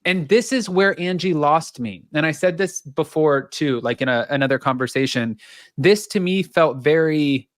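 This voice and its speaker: Lively woman recapping gossip, dry close mic. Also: low voice, normal speed, no room sound. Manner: animated storyteller who acts out the quotes. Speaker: podcast co-host.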